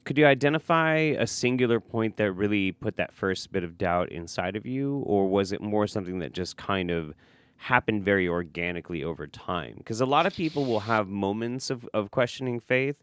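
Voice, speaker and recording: A man's voice: on the low side, normal speed, a bit bright, clear, resonant tone. A man hosting an interview, asking reflective questions with hesitant restarts. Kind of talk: conversational interview.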